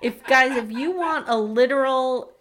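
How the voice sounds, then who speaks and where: A woman's voice: high voice, measured pace, a little hiss or hum. A woman co-hosting a podcast, recapping a reality show in casual, sarcastic chat and acting out the quotes. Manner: animated, sarcastic, acts out quotes. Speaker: podcast co-host.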